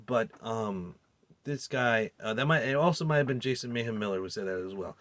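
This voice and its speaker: A man's voice: mid-range voice, a little fast, fairly bright tone, no room sound. A man giving a heated, profanity-laced film recap and review, rambling and incredulous. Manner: rambling with restarts and fillers. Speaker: movie reviewer.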